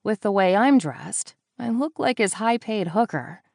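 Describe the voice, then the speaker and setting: A woman narrating a first-person thriller audiobook, with wry, deadpan asides. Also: medium pitch, measured pace, gravelly, no room sound, studio quality.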